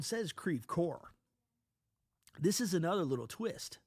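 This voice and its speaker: A man's voice: fairly high pitch, fairly quick, gravelly, dry recording, clean studio sound. Stuffy, profane man telling a story. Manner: profane, rambling, animated, with many restarts. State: stuffy from a cold. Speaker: parent telling a personal story. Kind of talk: casual storytelling monologue.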